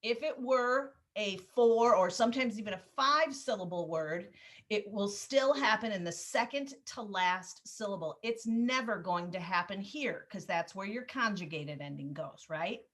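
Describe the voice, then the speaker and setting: A woman teaching a Spanish class over a video call, explaining grammar rules patiently step by step and gently calling on students. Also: mid-range voice, animated, moderate pace. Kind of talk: online class instruction.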